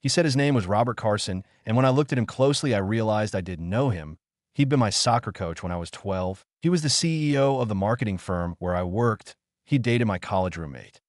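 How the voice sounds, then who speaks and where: A man narrating a first-person story in a steady, measured reading. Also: fairly low pitch, dry recording, clean studio sound.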